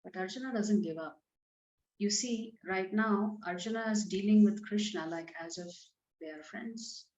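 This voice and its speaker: A woman's voice: medium pitch, moderate pace, darkish tone. A woman giving a talk on scripture, explaining it conversationally and putting verses into plain everyday words. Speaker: scripture teacher. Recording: roomy, slightly dull recording.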